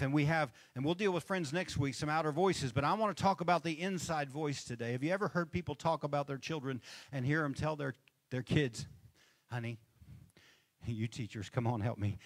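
A man's voice: on the high side, a little fast, no echo. A male pastor preaching a conversational sermon from a church stage, checking in with the congregation for amens and chuckling between points. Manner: conversational, asks the crowd for amens.

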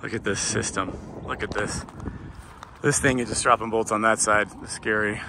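Low-voiced man vlogging a storm outdoors. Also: steady tone, normal speed. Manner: awed exclamations, thinking aloud. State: out of breath at times. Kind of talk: excited outdoor vlog commentary. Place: outdoors on a hillside during a storm. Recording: outdoor camera audio with background noise.

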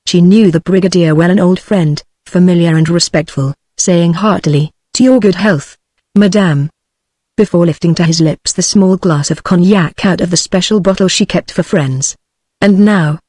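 A woman's voice: fairly low pitch, no room sound, studio quality. British woman narrating, synthetic voice. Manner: even, measured synthetic delivery. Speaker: audiobook narrator.

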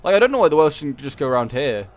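A man's voice: fairly high pitch, sing-song, racing, a little mellow. Easygoing man narrating a strategy battle. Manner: rambling, self-correcting, joking asides. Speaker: gameplay commentator. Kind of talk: casual strategy game commentary.

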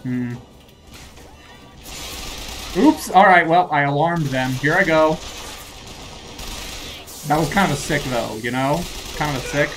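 Flustered young gamer talking to himself. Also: male voice, a little high, a bit bright, faint music behind. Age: young adult. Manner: flustered, rambling self-talk, quick to laugh off his own mistakes; scolds enemies in a jokey way. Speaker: gamer playing through a shooter. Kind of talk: let's play commentary.

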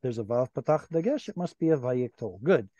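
A man teaching an online class, his voice dark and mellow with a dry, close sound. He explains patiently and keeps quizzing his students. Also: medium pitch, big pitch swings, brisk, no echo, dull audio. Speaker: Hebrew teacher. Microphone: video call.

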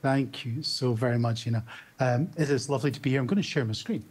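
A man's voice: mid-range voice, quick pace, a little mellow, slightly rough. A Scottish man in his fifties, an emergency doctor telling candid stories in a conference keynote over a video call. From Scotland. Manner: candid, anecdotal, with small restarts. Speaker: emergency medicine doctor giving a conference talk. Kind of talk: storytelling keynote talk.

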